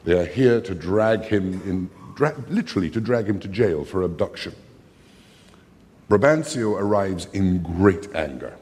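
A man lecturing on a play, emphatic and animated, with dramatic readings of its lines. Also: low-pitched, a little slow. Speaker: literature lecturer. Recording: long hall reverb.

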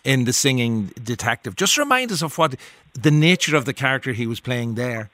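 A man hosts a radio talk show in a bright, clear voice, conversational and quick to laugh. His sound is close and dry, with no room around it. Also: medium pitch, expressive, dry recording. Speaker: radio presenter.

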